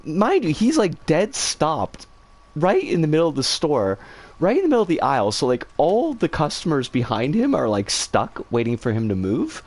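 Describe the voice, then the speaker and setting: Woman streamer telling a story, voice swoops up and down all over, swears a lot. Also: low voice. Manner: animated, swearing freely.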